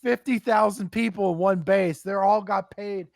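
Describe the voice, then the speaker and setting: A young man with a high voice tells a profane, animated story and slips into the voices of the people in it. The sound is close and dry, with no room behind it. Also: normal speed, gravelly, no echo. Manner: animated, swears a lot, acts out quotes. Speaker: podcast guest telling war stories. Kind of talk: casual storytelling chat.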